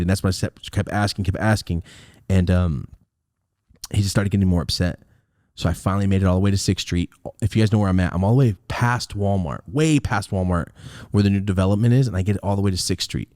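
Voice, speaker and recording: Low-voiced man telling a story. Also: fast talker, no room sound, clean studio sound. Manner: animated, profane, laughs often. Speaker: podcast host. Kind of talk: casual storytelling. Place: podcast studio.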